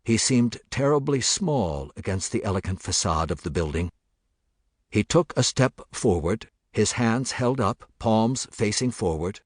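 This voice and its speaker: A man narrating a thriller audiobook in a measured, steady voice. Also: on the low side, no room sound, clean studio sound.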